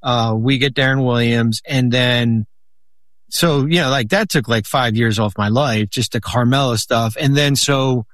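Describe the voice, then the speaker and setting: A man telling long stories in a casual chat, rambling with many restarts and lively quoted lines. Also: mid-range voice, unhurried, dry recording. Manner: rambling, many restarts, animated when quoting. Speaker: guest, former basketball executive.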